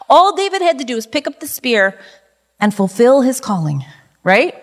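A woman giving a conversational Bible lesson in a lively, chatty way, often asking rhetorical questions. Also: high-pitched, measured pace. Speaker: Bible study teacher. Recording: long reverberant hall.

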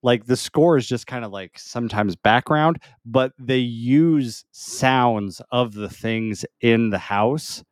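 A man's voice: mid-range voice, slow pace, hardly any pauses, no room sound, studio quality. Laid-back male podcast co-host. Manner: relaxed, laughs between points, many "like" fillers. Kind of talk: casual movie chat.

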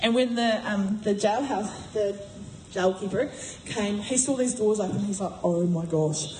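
A woman giving a sermon in a chatty, animated way, acting out voices as she retells a story. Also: mid-range voice, normal speed, a little hiss or hum. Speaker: preacher. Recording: echoey room.

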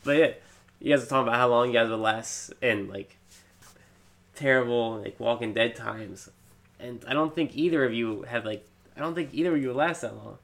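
A man's voice: medium pitch, a little fast, gravelly, a bit bright. A man in a casual podcast conversation who rambles and fills his talk with "like.". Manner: rambling with many likes.

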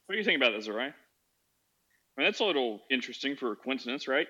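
A man hosting an online chat, joking around and asking quick questions. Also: mid-range voice, big pitch swings, pushed and bright, lo-fi sound. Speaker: podcast host.

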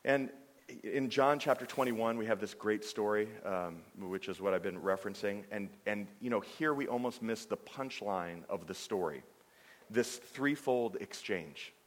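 A man's voice: fairly low pitch, unhurried. Preacher man in a reverberant hall. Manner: animated, stumbling restarts and filler "I mean". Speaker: pastor. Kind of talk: sermon.

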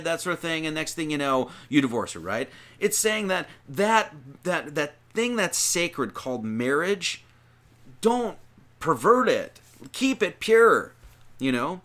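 A man leads a loose, chatty sermon, reading scripture and then riffing on it. His voice sits a little higher than most men's. He drags out key words for emphasis. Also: animated, a bit bright. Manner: conversational, rambling, emphatic with drawn-out phrases. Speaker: preacher.

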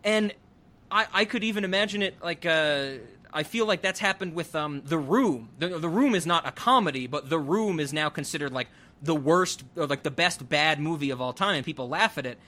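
Brief: young male podcast host, rambling and chatty, bright and slightly high. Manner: chatty, many fillers and quick asides. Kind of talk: casual chat.

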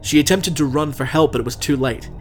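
A man's voice: a little high, a little fast, slight background noise. A young man hosting a comedy podcast, chatting in a self-deprecating, jokey way before narrating a true-crime story. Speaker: podcast host.

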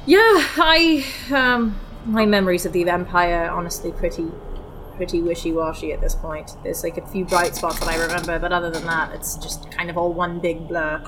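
A woman's voice: lowish voice, moderate pace, fairly bright tone, a little hiss or hum, rough recording. A woman playing in a tabletop game, talking in a casual, rambling way. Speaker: player. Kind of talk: casual tabletop chat in character.

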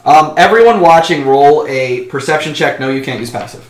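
A man's voice: on the high side, lively intonation, normal speed, reverberant. A man narrating a tabletop role-playing game as game master, casually and with frequent ums.

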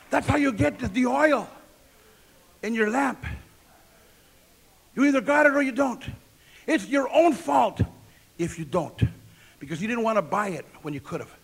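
A man's voice: a little high, breathy edge. A male pastor preaching a sermon, emphatic and repetitive, asking the congregation questions and answering them himself.

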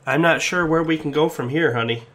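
A man's voice: on the high side, fairly quick, a bit bright, natural voice. A man voicing a blunt, sarcastic young woman investigator in his everyday voice.

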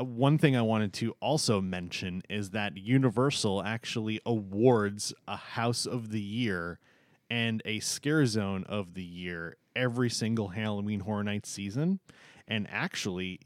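A man's voice: on the low side, no room sound, clean studio sound. A man co-hosting a podcast in casual chat, talking with frequent ums and uhs. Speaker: podcast co-host.

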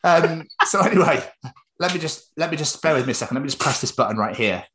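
A man's voice: a little high, lively intonation, fast talker, background noise. A young man co-hosting a podcast, chatting casually with sweary, giggly banter. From Wales. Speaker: podcast co-host. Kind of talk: casual chat.

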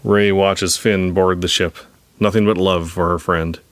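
A man narrating a script read-aloud in a brisk, even manner, with touches of dry humor. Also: deep voice, dry recording.

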